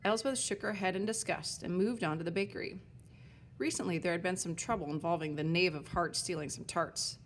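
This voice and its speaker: A woman with a lowish voice reads a storybook aloud in an even, clear way. A faint low hiss runs under the recording. She tells the story in a steady, unhurried manner. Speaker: audiobook narrator. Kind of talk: storybook narration.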